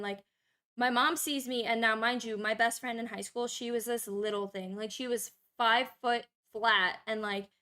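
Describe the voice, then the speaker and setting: A young adult woman streamer telling a long personal story in casual, profane, animated chat. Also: fairly high pitch.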